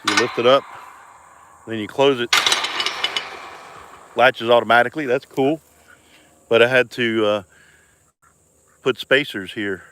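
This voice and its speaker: A man's voice: mid-range voice, a little slow, pauses often, a little hiss or hum. A man chatting casually on a live stream as he walks around his homestead outdoors, talking into a phone he holds. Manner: relaxed, chatty, greets viewers by name. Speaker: homestead vlogger.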